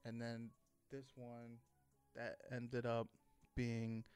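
A man's voice: mid-range voice, completely flat delivery, very slow, darkish tone, clear, resonant tone, faint music behind. A man talking casually on a podcast, telling a rambling story full of fillers, restarts and swearing. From Texas. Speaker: podcast host.

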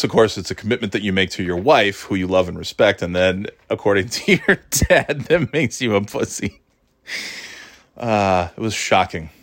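A man in his thirties telling a story in a casual podcast chat, rambling with restarts, swearing and laughing at his own jokes. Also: lowish voice. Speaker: podcast host.

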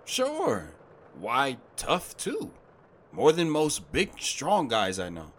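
A man playing a kindly butcher who jokes gently with a lost child. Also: medium pitch, huge pitch swings, slow pace, slight background noise, heavily acted. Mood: playful. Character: kindly middle-aged male butcher, playful and protective. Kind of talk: radio drama acting.

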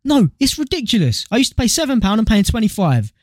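Young male co-host, higher-pitched, crude animated storyteller, close dry mic. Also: fast, no room sound. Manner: swears freely, animated storytelling. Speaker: podcast co-host. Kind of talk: casual chat.

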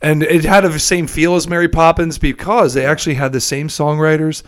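A man's voice: fairly high pitch, fairly even intonation, fairly quick. Chatty man sharing film trivia. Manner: chatty storyteller, many fillers and laughs. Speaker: podcast co-host. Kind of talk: casual chat telling film trivia.

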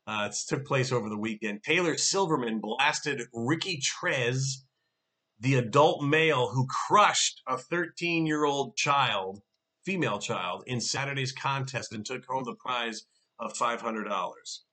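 A man's voice: mid-range voice, measured pace, sharp tone. A middle-aged man co-hosting a casual political chat show, with sarcastic, mocking asides. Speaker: co-host.

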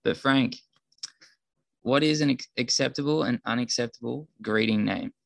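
A man's voice: mid-range voice, moderate pace, gravelly, no room sound. A man, playfully running a quiz segment on a podcast. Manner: playful quiz-master, teasing. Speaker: podcast co-host. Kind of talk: casual chat.

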